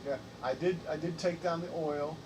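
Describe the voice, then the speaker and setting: A man hosting a casual live stream, thinking aloud in halting, repeated phrases. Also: fairly even intonation. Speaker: livestream host. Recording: distant mic, noisy air conditioning rumble.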